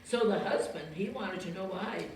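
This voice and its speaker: Gentle woman telling a children's story. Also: mid-range voice, moderate pace. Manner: gentle, explains and asks listeners questions. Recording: very echoey room, far from mic, faint noise.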